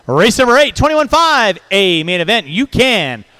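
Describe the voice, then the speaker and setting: A man calling a hobby race over the track speakers, brisk and jokey, reeling off driver names in quick runs. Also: high voice, big pitch swings, pushed and bright, clear, resonant tone, no echo, poor audio. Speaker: race announcer. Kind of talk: live race commentary.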